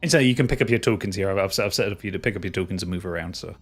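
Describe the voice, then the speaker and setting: A man's voice: low-pitched, rapid-fire. A man narrating as game master in a tabletop game, rambling with restarts.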